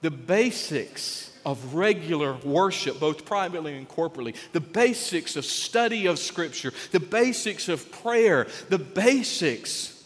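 A man preaching a sermon, animated and folksy, joking with the congregation. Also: on the high side, a little slow. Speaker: pastor. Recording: long reverb of a large hall.

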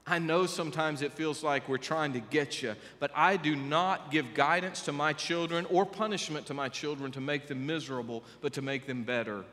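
A middle-aged male pastor preaching a sermon, emphatic, swinging between loud stresses and hushed asides. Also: on the high side. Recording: long hall reverb.

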